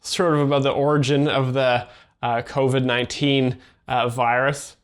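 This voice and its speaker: A man hosting and explaining jokes in a flat, deadpan, hesitant commentary. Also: mid-range voice, normal speed, slight background noise. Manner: flat, hesitant, full of fillers. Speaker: host and joke explainer.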